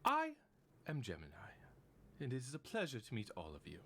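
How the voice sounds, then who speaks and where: A man voicing a smooth, courteous male stranger who speaks politely and quietly, with a curious, probing manner. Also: mid-range voice, wildly swooping pitch, normal speed, a little hiss or hum. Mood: intrigued. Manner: polite, curious, softly spoken.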